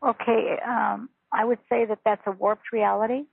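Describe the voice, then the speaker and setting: A woman, a spiritual teacher, talking calmly and earnestly as a guest on a phone interview. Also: on the high side, normal speed, gravelly, breathy edge. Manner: calm, earnest, instructive. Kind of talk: interview over a phone call. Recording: tinny phone line.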